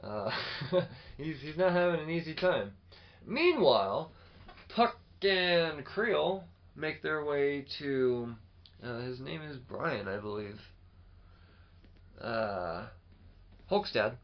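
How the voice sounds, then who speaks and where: A man co-hosting a podcast, chatting casually and animatedly about comics, swearing freely and acting out lines in quick bursts. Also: fairly high pitch, lo-fi sound. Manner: animated, swears often, acts out quotes. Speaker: podcast co-host. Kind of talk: casual chat.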